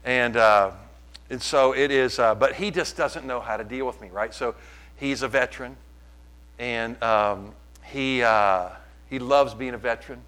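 A man preaching a sermon, impassioned and swinging from quiet to loud. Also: medium pitch, measured pace, poor audio. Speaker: pastor.

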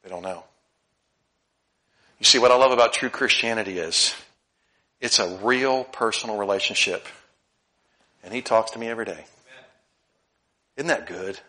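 A middle-aged male pastor preaching a sermon, swinging between loud emphatic lines and soft asides. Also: lowish voice, moderate pace, long pauses.

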